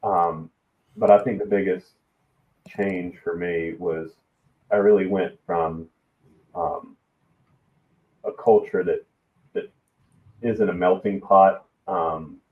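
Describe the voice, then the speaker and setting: A man from the American South with a Southern accent, a podcast guest speaking in a measured, hesitant way with many pauses. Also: low voice, fairly even intonation, distant mic. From Alabama, US South. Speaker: guest, risk management executive. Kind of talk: casual podcast conversation. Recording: tinny phone-like line in an echoey room.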